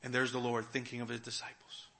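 A man preaching a sermon, retelling a scripture story and swinging between hushed, quiet moments and loud, dramatic ones. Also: mid-range voice, completely flat delivery, fast, creaky. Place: church.

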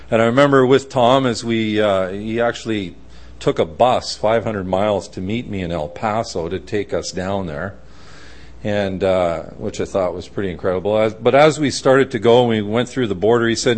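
A man giving a conversational Bible teaching, folksy and anecdotal, with frequent asides to the listener. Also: mid-range voice.

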